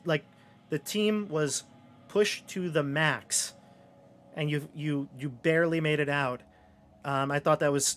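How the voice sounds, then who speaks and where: A man with a fairly high voice hosting the conversation. He asks his players questions and keeps the chat moving in an upbeat way. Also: fairly bright tone. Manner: upbeat, leading the discussion. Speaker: game master and host. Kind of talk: casual chat.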